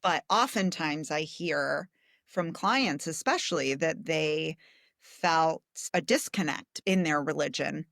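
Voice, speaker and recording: A woman's voice: sits low, slow, vocal fry, fairly bright tone, dry recording, clean studio sound. A woman guest, a social worker, thoughtfully explaining ideas in a casual interview. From United States. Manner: thoughtful, explaining, laughs easily.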